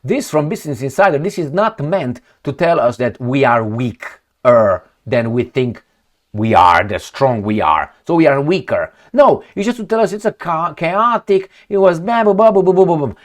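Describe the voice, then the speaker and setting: On an opinionated commentary vlog, a political host with a non-native accent of English rants at the viewer through a stream of rhetorical questions. His voice sits on the high side, with lively intonation and a moderate pace.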